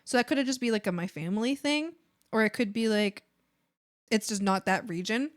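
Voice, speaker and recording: A woman's voice: a little high, fairly quick. A young woman with an American accent, a native Spanish speaker, chatting casually as a streamer while drawing. She rambles along with lots of fillers and restarts.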